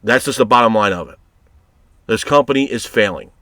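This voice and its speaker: A man's voice: fairly low pitch, brisk, a bit bright, dry recording, studio quality. A man reviewing a wrestling show in a heated, profane rant, exasperated and blunt. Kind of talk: ranting commentary.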